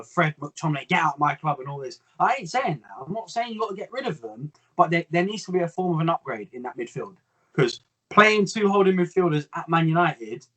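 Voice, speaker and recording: A young man, co-hosting a casual football chat in a measured, analytical way with some exasperation. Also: on the high side, a bit bright, low-quality recording. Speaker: co-host.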